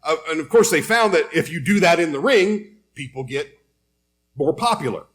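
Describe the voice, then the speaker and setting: A man delivers a sermon, retelling scripture in an easy, storytelling voice. His pitch sits slightly above the usual for a man. He reads verses aloud between casual asides. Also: expressive, moderate pace, fairly bright tone. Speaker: preacher.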